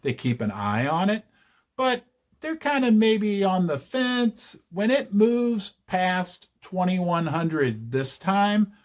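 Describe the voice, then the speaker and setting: Animated chatty man hosting a video. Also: sits high, slow. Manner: chatty and animated, jokey asides. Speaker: channel host. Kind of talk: casual investing commentary to camera.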